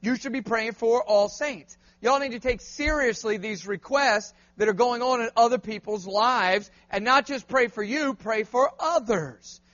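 A man preaches an animated call-and-response sermon in a church. The recording sounds a little muffled. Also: very high voice, measured pace, hardly any pauses. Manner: animated, asks the crowd to answer back.

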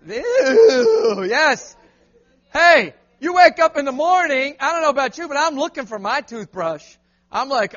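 A man preaching a lively sermon in a church, calling on the crowd to answer him back. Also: extremely high pitch, measured pace, lo-fi sound. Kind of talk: lively call-and-response sermon.

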